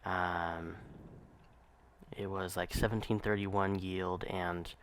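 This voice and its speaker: A man casually narrating a gameplay walkthrough in a relaxed, explanatory way, with frequent ums and uhs. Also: deep voice, slow pace, clean tone.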